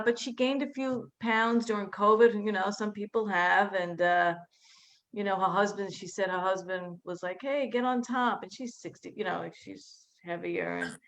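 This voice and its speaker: A woman working through a stand-up set in a chatty, rambling way. Her pitch sits in the middle of the range, and she drops into flat, lower tones whenever she mimics relatives. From Staten Island, New York. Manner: chatty, quick asides, mimics family in a flat low voice. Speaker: stand-up comedian.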